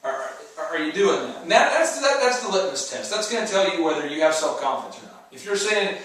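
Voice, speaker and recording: A man's voice: fairly high pitch, lively intonation, a little fast, a bit bright, a little hiss or hum. Emphatic man in an echoey room. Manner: emphatic, acts out mock dialogue voices. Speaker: entrepreneur co-host giving advice. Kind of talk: motivational talk show. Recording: echoey room, distant mic.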